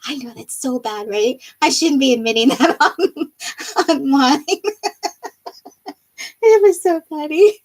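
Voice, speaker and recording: A woman's voice: sits high, slow, long pauses. A woman hosting a live crafting stream from her home craft room, chatting and reading out viewer comments with frequent laughter. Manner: bubbly, laughs often.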